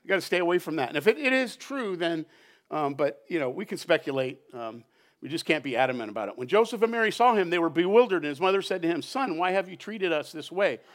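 A man preaching a conversational sermon at a church service, animated and chatty, often checking in with "right?". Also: a little high, quick pace. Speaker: pastor.

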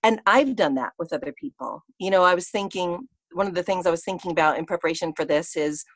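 A woman's voice: fairly low pitch, fast talker. A middle-aged woman, a guest in a casual interview, telling personal stories in a chatty way, full of fillers and quoting herself.

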